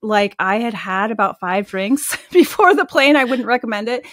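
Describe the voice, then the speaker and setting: A woman in her thirties, an animal communicator and medium, telling stories in a casual, animated way as an interview guest, full of "like" fillers. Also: fairly high pitch, normal speed, no echo, clean studio sound. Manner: chatty and animated, with frequent "like" fillers.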